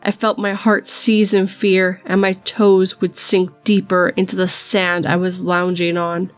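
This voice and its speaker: A woman reading a first-person horror story aloud in a measured storytelling manner. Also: fairly low pitch, level tone, soft background music.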